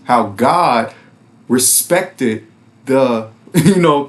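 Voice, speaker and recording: Guy with doing bible commentary, laughs a lot, bouncy pitch. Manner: laughs often, conversational and mocking. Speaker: bible study host. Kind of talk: casual commentary on scripture.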